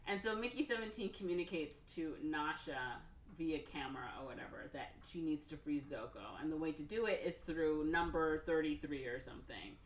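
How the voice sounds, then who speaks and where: A woman's voice: low-pitched, fairly quick, slight background noise. A woman podcast co-host casually retelling a film plot in a rambling way, full of "like" and "or whatever" and acting out the characters' lines. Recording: roomy echo, mic off at a distance.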